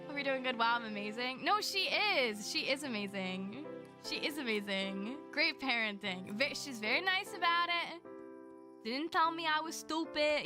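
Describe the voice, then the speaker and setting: Young woman streamer, high voice, chatty and gushing, laughs a lot, music behind. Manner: chatty and effusive, laughs often. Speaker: livestreamer. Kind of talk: casual livestream chat. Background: music playing behind.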